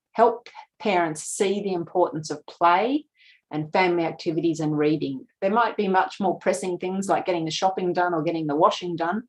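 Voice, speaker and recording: A woman's voice: fairly low pitch, a little mellow, low-quality recording. A middle-aged woman presenting research at a conference, explaining points step by step. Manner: explanatory, slips into quoted voices of parents. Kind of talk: lecture presentation.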